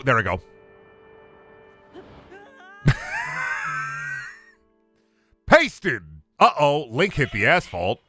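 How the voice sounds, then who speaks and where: A young adult man streaming a game, joking and swearing, with sudden loud bursts. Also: lowish voice. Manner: lively, swearing, jokey, shouts in bursts. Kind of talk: gameplay commentary.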